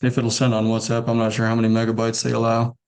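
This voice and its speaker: A man with a mild, partly softened Southern US accent, talking fast and politely in a casual video call. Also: medium pitch, monotone. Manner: talks fast, friendly and polite.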